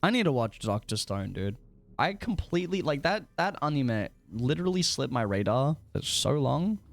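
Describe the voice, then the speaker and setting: A young man streaming a game live, chatting to his viewers in a rambling, excitable, self-mocking way. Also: mid-range voice, normal speed, creaky, soft background music. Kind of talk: casual gaming livestream chat.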